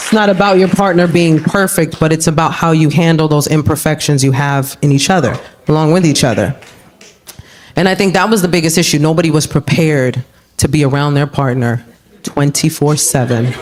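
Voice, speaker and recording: A woman comedian performing a stand-up set on a club stage, animated and jumping into exaggerated voices for the people she quotes. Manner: animated, acts out quoted voices with big pitch jumps. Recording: live club recording, audience laughter and room noise. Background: audience laughter.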